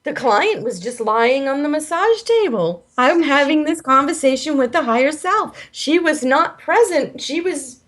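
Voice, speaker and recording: A woman guest in an interview telling animated stories about her healing practice, acting out voices as she goes. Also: sits high, unhurried, hardly any pauses. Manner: animated storyteller, acts out quoted voices. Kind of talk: conversational interview storytelling.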